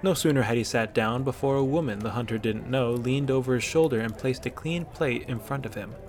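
A man narrating a fantasy tale in a measured storytelling voice. His pitch sits in the middle of the male range. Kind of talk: scripted audiobook narration.

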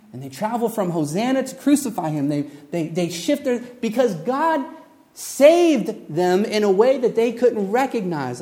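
Animated preacher, a man with a higher voice. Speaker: pastor. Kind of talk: sermon.

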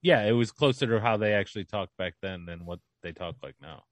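A man's voice: lowish voice, brisk, no echo. A man co-hosting a podcast in casual chat, rambling and hesitant with lots of fillers. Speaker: podcast co-host.

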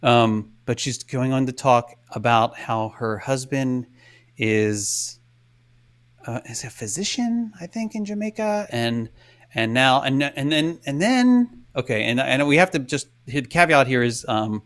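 A man co-hosting a podcast, telling a story in casual chat and acting out quotes with hushed asides. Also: medium pitch, animated, a little slow. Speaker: podcast co-host.

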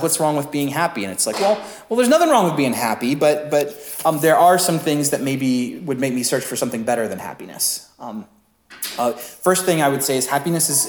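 Chatty pastor in a roomy church. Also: male voice, mid-range voice. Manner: conversational, self-deprecating, many fillers and asides. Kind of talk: sermon. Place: church sanctuary.

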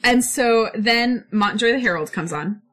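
A woman's voice: fairly high pitch, lively intonation, a little slow, fairly bright tone. A woman co-hosting a casual chat, retelling a play's scenes in modern slang. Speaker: podcast co-host.

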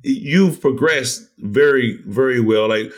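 A male podcast host with a lively voice that swings widely up and down in pitch. He jumps in with quick reactions and playful teasing. His pitch sits at an ordinary male level. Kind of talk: casual interview.

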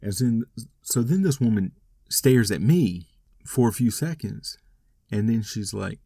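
Deep gravelly man telling a story. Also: expressive, unhurried, mellow, no echo, clean studio sound. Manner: rambling, wry, self-deprecating. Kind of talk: casual storytelling monologue.

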